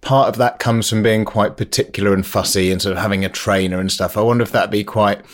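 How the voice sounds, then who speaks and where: A man hosting a podcast, thinking aloud in a relaxed, musing way with fillers. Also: fairly low pitch, quick pace. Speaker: podcast host. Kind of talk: casual interview chat.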